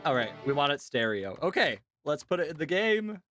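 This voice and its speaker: Animated, chatty young-sounding male streamer. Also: on the high side, fairly quick, faint music behind. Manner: animated, chatty, laughs often, many fillers. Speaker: streamer and voice actor. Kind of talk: casual live-stream chat.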